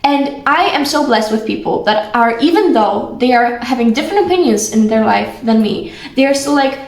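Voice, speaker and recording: Brief: young woman, affectionate chatty vlogger, higher voice, roomy echo. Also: expressive, normal speed. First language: Polish. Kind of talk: casual heartfelt talk to camera.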